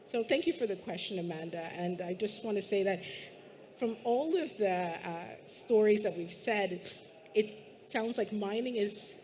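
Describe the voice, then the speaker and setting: A woman's voice: medium pitch, a little slow, darkish tone. A woman from Guyana speaking on a panel discussion and telling her story in a reflective, thoughtful way.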